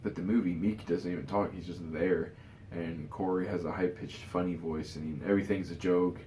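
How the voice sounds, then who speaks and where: A man's voice: low-pitched, fairly even intonation, normal speed, dark tone, reverberant, a little hiss or hum. A tired man giving his casual opinions in a rambling vlog, full of fillers and restarts. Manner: rambling, many "you know" fillers and restarts. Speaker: vlogger.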